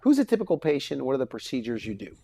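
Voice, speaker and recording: A man's voice: medium pitch, wildly swooping pitch, very fast, gravelly, warm tone. A man hosting a talk show, asking eager, upbeat questions. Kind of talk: broadcast interview hosting.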